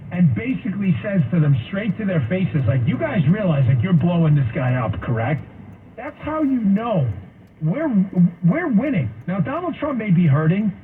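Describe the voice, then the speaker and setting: A male talk show host delivers sarcastic political commentary in a high, swooping voice. The sound is thin and phone-like, with noise underneath. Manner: sarcastic, mocking, animated.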